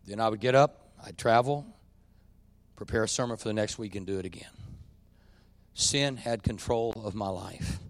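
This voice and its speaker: A middle-aged man preaching a sermon in a church, folksy and confessional, swinging between quiet admissions and loud emphatic points. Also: lowish voice, moderate pace, pauses often, no room sound. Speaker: pastor.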